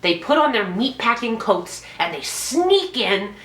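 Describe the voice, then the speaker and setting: A woman's voice: fairly high pitch, big pitch swings, a little slow, a bit bright, reverberant. Sarcastic woman reviewing movies. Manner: sarcastic, profane, acts out quotes in mock voices. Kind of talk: casual spoken review.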